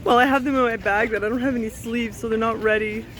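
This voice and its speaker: A woman's voice: on the high side, fairly even intonation, fast talker, rough recording. A woman from Canada vlogging while she walks through an outdoor city park, gushing and exclaiming as she talks into a handheld phone. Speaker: travel vlogger. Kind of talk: casual walking vlog. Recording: outdoor park noise behind.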